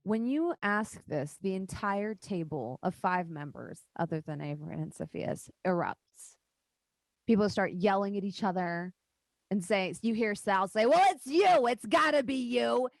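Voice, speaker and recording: Gravelly-voiced woman game master. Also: mid-range voice, a little slow, no echo. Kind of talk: narrating a tabletop game.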